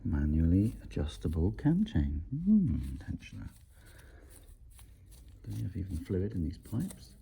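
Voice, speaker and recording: A man's voice: sits low, very animated, moderate pace, creaky, few pauses, warm tone, slight background noise. A man, a motorcycle mechanic, talking through a project bike in a casual workshop vlog with a wry, self-deprecating manner. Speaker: motorcycle mechanic and video maker.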